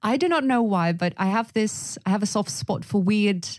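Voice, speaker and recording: A woman's voice: medium pitch, normal speed. Playful woman co-hosting a podcast. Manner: playful, teasing. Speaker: podcast co-host, English teacher. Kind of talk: casual podcast chat.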